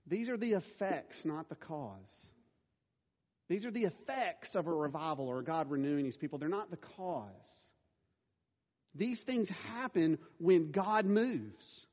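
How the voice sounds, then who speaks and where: A man's voice: sits high, big pitch swings, a little slow. A middle-aged man preaching a sermon as a pastor, casual and self-deprecating, laughing now and then. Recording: dull sound with long hall reverb.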